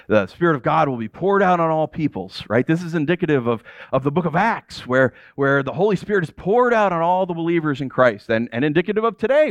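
Animated pastor man, lively storyteller. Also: a little high, no room sound. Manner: animated storytelling, acts out quoted voices. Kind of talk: sermon.

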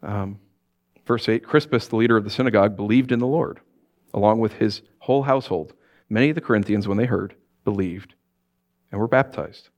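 Male pastor, informal sermon delivery, animated, laughs easily. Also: fairly low pitch, brisk. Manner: informal, animated, laughs often, acts out quotes. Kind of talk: casual conversational sermon.

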